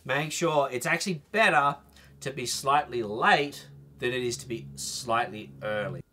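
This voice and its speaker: A man's voice: mid-range voice, a little slow, very noisy. A man teaching a trumpet masterclass, explaining phrasing and singing short bits to demonstrate.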